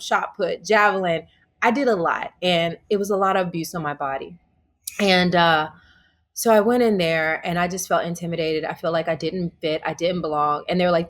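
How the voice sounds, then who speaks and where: A woman from Tennessee with a Southern accent, a guest telling her life story in an interview, acting out what people said with laughs. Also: medium pitch. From Humboldt, Tennessee, US. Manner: animated, acts out quotes with laughter.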